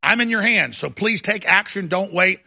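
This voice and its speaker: A man's voice: high-pitched, moderate pace, creaky, sharp tone, husky, no echo, clean studio sound. A middle-aged man hosting a political talk show, delivering an emphatic, ranting monologue. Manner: emphatic, ranting, restarts and rising intensity.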